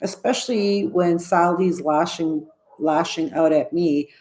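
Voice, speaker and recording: A woman's voice: on the low side, measured pace, darkish tone. A woman in her sixties vlogging to camera in a casual, earnest way, often restarting and circling back mid-sentence. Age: 60s. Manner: rambling, self-interrupting, earnest. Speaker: YouTuber. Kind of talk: casual vlog talk to camera.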